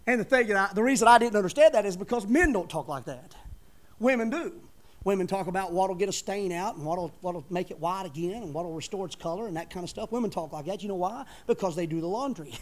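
A male preacher delivering a fervent sermon, building to loud emphatic peaks when reading scripture. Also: high voice, lively intonation, brisk.

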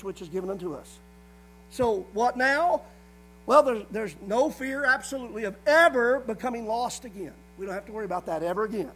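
A man preaching a sermon, reading scripture slowly and with emphasis. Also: high voice, expressive, rough recording.

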